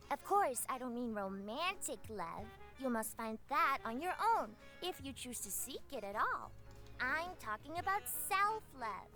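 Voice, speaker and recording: Woman playing a pixie, female, tiny, prim, preachy, high voice, faint music behind. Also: sharp tone, heavily acted. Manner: lofty, lecturing, theatrical. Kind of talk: dramatic reading of a visual novel.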